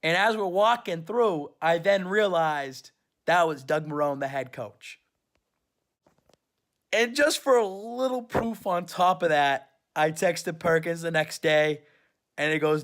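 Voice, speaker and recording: High-voiced rambling man telling a story. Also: slow, a bit bright. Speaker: superfan vlogger. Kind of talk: casual storytelling recap.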